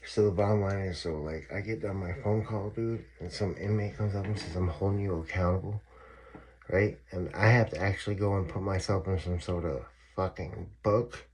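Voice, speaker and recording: A man's voice: low voice, moderate pace, hardly any pauses. A man telling his own story in a casual, profane and emphatic monologue, often repeating himself.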